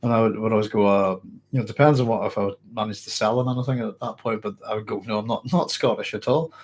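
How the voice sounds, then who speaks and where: Husky Northern Irish man with a cold. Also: on the low side, steady tone, quick pace, a little mellow. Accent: Northern Irish, mixed. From Northern Ireland. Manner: rambling, many restarts, chuckles often. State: has a cold, hoarse throat. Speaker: host answering live chat. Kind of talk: casual livestream Q&A.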